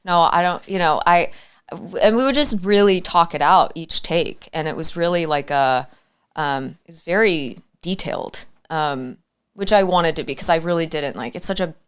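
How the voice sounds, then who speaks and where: Her deep voice comes through with a clean tone as this young Arizona woman, a guest actor, casually chats on a talk show. She halts often, restarting sentences and using plenty of fillers.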